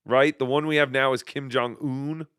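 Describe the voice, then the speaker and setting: Sarcastic host with a bright, crisp voice. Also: male voice, medium pitch, normal speed, dry recording, clean studio sound. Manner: mocking, deadpan sarcasm. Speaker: podcast host. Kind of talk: sarcastic commentary over clips.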